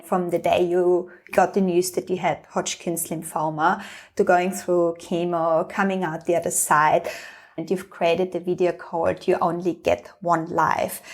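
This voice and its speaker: A woman hosts a podcast interview, her voice sitting slightly low. She asks her questions gently and keeps encouraging her guest with quiet affirmations. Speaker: podcast host. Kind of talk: interview conversation.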